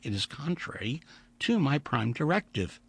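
A man voicing a calm, obedient male android who speaks in a flat, mechanical way. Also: mid-range voice, moderate pace, vocal fry, husky, no echo, pitched above the performer's own voice, full character voice.

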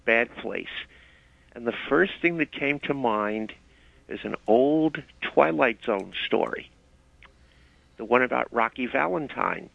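A man calls in to a radio talk show and talks in a chatty, storytelling way. His voice is very gravelly. The phone line sounds dull and dry. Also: medium pitch, animated, takes it slowly, no room sound. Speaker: caller.

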